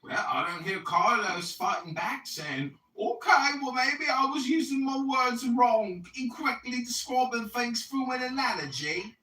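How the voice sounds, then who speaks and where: A woman's voice: a little high, expressive, unhurried, hardly any pauses, bright, forceful tone. A woman arguing heatedly, mocking and insulting the other side with lots of swearing. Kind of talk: heated online argument. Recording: echoey and far from the mic.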